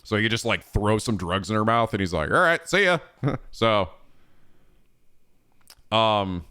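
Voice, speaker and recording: A young man streaming, chatting in an animated, profane way and laughing often. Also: on the low side, a little slow, clear, resonant tone. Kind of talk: casual gaming chat.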